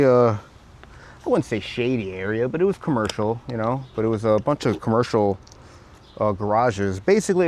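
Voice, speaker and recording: Animated man working on a car. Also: mid-range voice, slight background noise. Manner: animated, joking, swears casually. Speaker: vlog host doing car repairs. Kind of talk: casual hands-on narration and storytelling.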